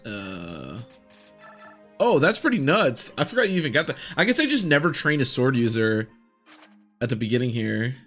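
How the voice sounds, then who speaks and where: A man's voice: medium pitch, huge pitch swings, moderate pace, fairly bright tone, faint music behind. Chatty young man streaming a game. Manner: chatty, laughs often, upbeat. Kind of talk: casual gameplay commentary.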